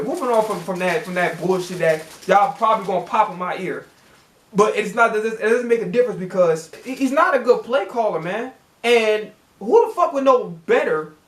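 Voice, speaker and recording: A man with a high, slightly bright voice and a reverberant sound hosts a sports reaction channel. He rants profanely as a fan, cursing heavily and repeating words when he gets worked up.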